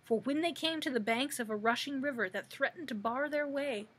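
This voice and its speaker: A woman librarian reading a storybook aloud in steady narration. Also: sits high, fairly quick, breathy edge.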